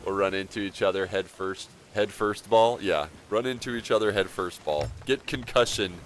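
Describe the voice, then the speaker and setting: A relaxed man chats through his gaming livestream in a low, deep voice. He rambles easily from one thought to the next and chuckles often. A faint hum of noise sits behind him. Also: normal speed. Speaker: game streamer. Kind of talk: casual livestream commentary.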